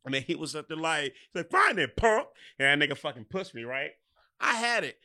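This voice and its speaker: Young guy, raised bright tone, very lively storyteller who mimics people while telling stories. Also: fairly high pitch, fast talker, no room sound, studio quality. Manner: animated, laughing, acts out voices in his stories. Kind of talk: casual storytelling chat.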